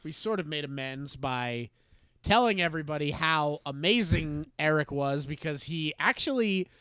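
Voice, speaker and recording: A man's voice: a little high, moderate pace, clear, resonant tone, dry recording, studio quality. A man hosting a podcast, telling a story in casual chat with lots of fillers and restarts. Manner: animated anecdote-telling with many fillers and restarts. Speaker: podcast host.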